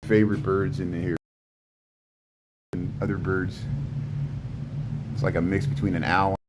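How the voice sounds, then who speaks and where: A vlogger gives a casual walking tour of a zoo birdhouse, talking to the birds and often repeating himself or trailing off. His voice is low, level and unhurried, with background noise around him.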